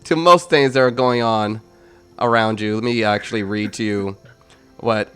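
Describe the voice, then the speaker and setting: A man narrating as game master of a tabletop game, with unhurried pauses and fillers. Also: fairly low pitch, fairly even intonation, fairly bright tone, clear, resonant tone, faint music behind.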